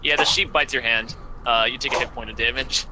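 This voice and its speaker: A man's voice: mid-range voice, fairly even intonation, fairly quick, noisy background. A man narrating as game master, rambling through descriptions with many fillers.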